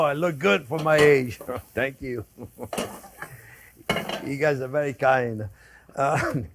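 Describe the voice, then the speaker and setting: A man's voice: a little high, slight background noise. An older man with a French accent hosting a casual cooking demonstration, chatty and joking with viewers he calls friends. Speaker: cooking show host. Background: sizzling pan in a kitchen.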